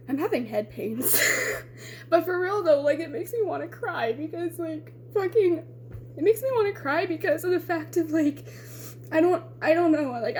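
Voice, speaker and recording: A woman's voice: sits high, slight background noise. A young woman vlogging, ranting with blunt, emotional conviction and frequent swearing. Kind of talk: impassioned rant to camera.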